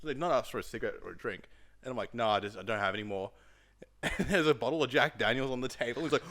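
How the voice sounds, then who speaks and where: A man's voice: mid-range voice, very fast, fairly bright tone. A young man co-hosting a podcast, chatting casually with blunt, teasing banter. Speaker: podcast co-host. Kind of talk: casual chat.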